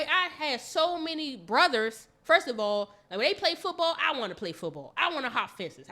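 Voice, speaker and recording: A woman co-hosting a podcast in casual chat, telling stories in an animated, emphatic way. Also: high voice. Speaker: podcast co-host.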